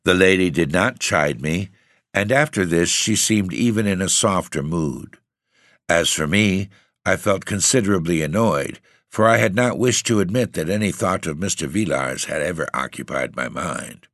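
A man narrates a story with a very low, deep voice. His delivery is measured and formal, and the sound is dry and close. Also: fairly bright tone, no room sound. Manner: measured, formal, old-fashioned phrasing. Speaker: audiobook narrator. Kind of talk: scripted narration.

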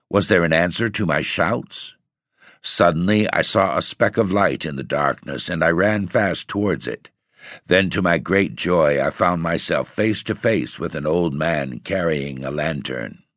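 Brief: male audiobook narrator, very low voice, dry close sound, measured delivery. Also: a bit bright, no room sound. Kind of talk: first-person story narration.

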